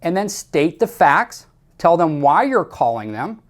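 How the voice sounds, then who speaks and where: A man's voice: fairly high pitch, very animated, unhurried. A man coaching salespeople in a training talk, emphatic and repetitive, speaking straight to the listener with firm instructions.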